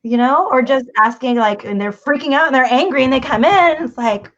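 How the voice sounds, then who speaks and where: A middle-aged woman speaking as a guest communication coach in a conversational interview. She talks in an animated way and acts out family dialogue, with many restarts. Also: high-pitched, fairly quick. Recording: dull lo-fi audio.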